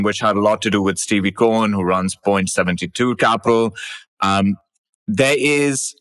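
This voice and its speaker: Low-voiced man asking measured questions. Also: fairly bright tone, no room sound. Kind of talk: casual podcast discussion.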